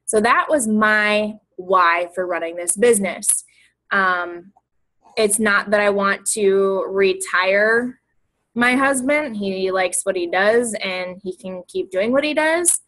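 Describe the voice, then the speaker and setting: A woman's voice: mid-range voice, slow, a bit bright, poor audio. A young woman coach talking casually and emotionally, rambling and repeating herself. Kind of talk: casual motivational talk.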